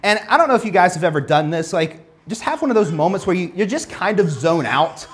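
A man's voice: sits high, animated, quick pace. A young adult man preaching a casual, conversational sermon, telling stories in a chatty way full of fillers and restarts.

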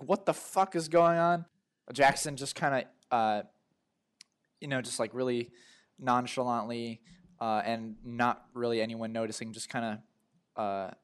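A man's voice: mid-range voice, clean tone. A young man, a player, narrating his character's actions in a tabletop game, rambling with lots of "like" and "kinda".

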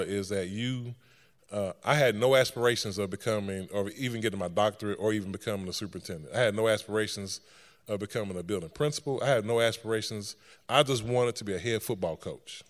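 A middle-aged man, a school superintendent, giving a lively story-filled speech on stage and laughing often. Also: fairly low pitch, big-room sound.

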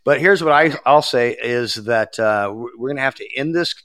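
A man in casual chat, making quick, joking asides. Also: mid-range voice, a bit bright, no echo, studio quality.

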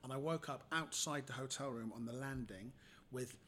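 Casting note: man, comedian guest on a podcast, animated storyteller, mid-range pitch, faint hiss in the background. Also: normal speed. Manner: animated storyteller, acts out the people in his stories. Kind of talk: casual anecdotal storytelling.

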